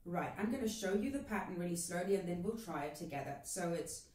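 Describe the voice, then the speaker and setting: A woman teaching a cajon lesson in a casual, encouraging way, counting the rhythm out loud as she plays. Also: fairly low pitch, lively intonation, fairly quick. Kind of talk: video lesson. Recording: roomy and distant, with cajon playing.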